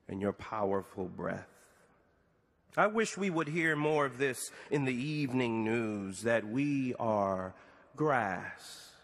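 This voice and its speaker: Slow-preaching man in a reverberant chapel. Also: medium pitch. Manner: slow, deliberate delivery with dramatic pauses and rising questions. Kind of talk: sermon as a prayer addressed to God.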